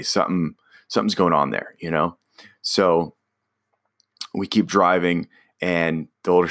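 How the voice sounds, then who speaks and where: A man's voice: low-pitched, fairly bright tone. A man casually telling a personal story about a driving job, rambling with restarts and fillers.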